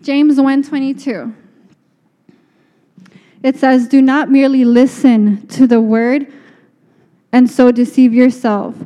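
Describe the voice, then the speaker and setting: A woman's voice: high-pitched, steady tone, slow, long pauses, mellow. A woman giving an earnest, conversational sermon with many restarts. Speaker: speaker. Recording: long reverb of a hall.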